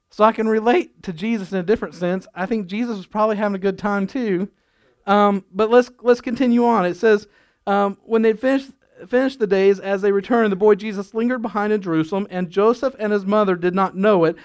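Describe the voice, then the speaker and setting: A man's voice: high-pitched, clear, resonant tone. A middle-aged male pastor giving a sermon in a folksy, storytelling way, chuckling at his own jokes.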